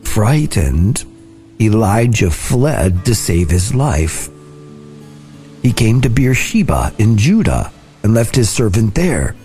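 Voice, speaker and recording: Slow, deep-voiced male scripture reader. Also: big pitch swings. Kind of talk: scripted Bible reading. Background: soft guitar music.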